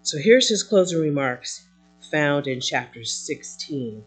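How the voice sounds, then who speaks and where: Breathy, slow-paced woman preaching. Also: low-pitched, faint music behind. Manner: expressive, swinging between loud emphasis and soft asides, with fillers. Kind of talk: sermon.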